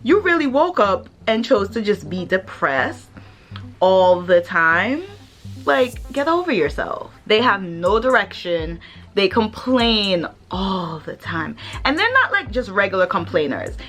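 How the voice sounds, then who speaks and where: A woman's voice: medium pitch, big pitch swings, slow, a bit bright, soft background music. A woman hosting her own vlog in casual chat, blunt and sassy, and she swears freely. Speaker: vlogger host.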